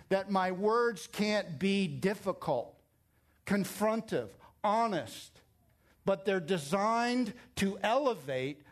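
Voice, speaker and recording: A middle-aged man preaching a sermon as pastor, emphatic and climbing higher when he presses a point.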